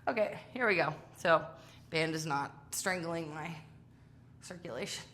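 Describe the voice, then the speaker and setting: A woman's voice: deep voice, unhurried, fairly bright tone, slight background noise. A woman leading a home workout class, chatty and self-deprecating, tired from exercising as she talks. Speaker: fitness instructor. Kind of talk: live workout coaching.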